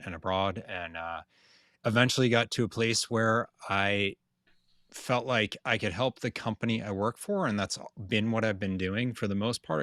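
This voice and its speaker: A man's voice: fairly low pitch, a bit bright, no room sound, studio quality. A man from New England with a Boston accent, a guest talking loosely in an interview with many fillers. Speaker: guest, insurance consultant. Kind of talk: casual interview talk.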